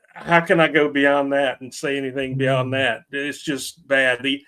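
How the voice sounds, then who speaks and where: Emphatic, slow-talking man ranting. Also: mid-range voice, little pitch movement, bright, forceful tone, clear, resonant tone. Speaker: podcast film reviewer. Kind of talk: casual movie review chat.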